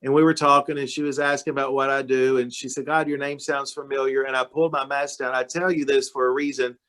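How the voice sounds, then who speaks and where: A man's voice: medium pitch, level tone, fast, fairly bright tone. A man, a county judge, speaking to a club meeting over a video call in a folksy, emotional storytelling way. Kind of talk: informal talk to a club meeting.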